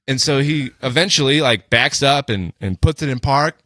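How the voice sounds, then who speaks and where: Male podcast co-host, bright and forceful, loose profane storyteller, dry close mic. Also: medium pitch, a little fast, few pauses, dry recording. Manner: loose and profane, with many fillers like "like" and "you know". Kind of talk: casual storytelling.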